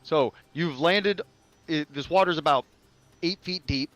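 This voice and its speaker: A man's voice: fairly high pitch, measured pace, fairly bright tone, no echo. A man narrating as game master of a tabletop game, talking loosely with many fillers and restarts.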